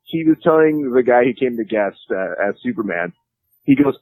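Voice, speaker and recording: Guest: man, mid-pitched, joking storyteller, dry close sound. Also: lively intonation, moderate pace, darkish tone, no echo, low-quality recording. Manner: joking, rambling with many fillers. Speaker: podcast host and jiu-jitsu commentator, guest. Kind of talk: casual interview chat.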